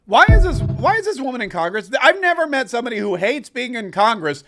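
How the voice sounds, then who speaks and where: A male host delivers political commentary in a rather high voice, pressing each point with emphatic, sarcastic rants. He builds momentum, repeating phrases to hammer home his argument. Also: sing-song, a little fast, noisy background.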